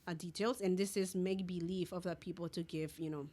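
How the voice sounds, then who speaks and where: Young woman on a podcast, flips between english and spanish, tells the story all animated. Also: fairly low pitch, a little fast. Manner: switches between English and Spanish mid-sentence, animated retelling. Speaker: podcast co-host. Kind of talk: casual chat.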